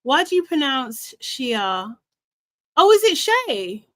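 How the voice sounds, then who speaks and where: A young woman hosts a casual live recap stream, chatty and animated, laughing often and reading out comments from the chat. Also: sits high, slow. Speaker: live show host.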